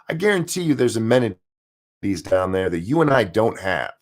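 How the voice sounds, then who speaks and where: A man hosting his own channel, giving a heated, profane and sarcastic political rant, jumping between loud outbursts and low muttered asides. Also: very animated, normal speed. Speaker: streamer and channel host. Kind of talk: angry political commentary rant.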